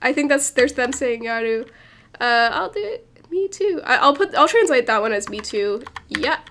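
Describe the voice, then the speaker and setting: A woman livestreams from a home desk microphone while translating a manga, chatting casually and thinking aloud with many fillers and restarts. Her high voice is animated and a bit bright, at a normal speed, with a little hiss or hum.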